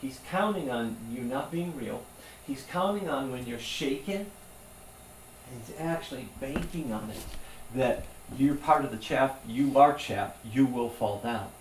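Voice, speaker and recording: A man's voice: medium pitch, measured pace. Preacher man in an echoey room. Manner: earnest, conversational preaching. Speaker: pastor. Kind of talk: sermon. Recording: echoey room, voice from far off, faint hum.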